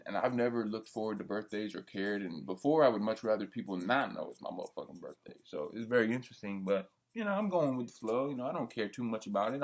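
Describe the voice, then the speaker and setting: Young guy venting hard, swearing nonstop, rambling and heated, normal pitch. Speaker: vlogger. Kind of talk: venting monologue.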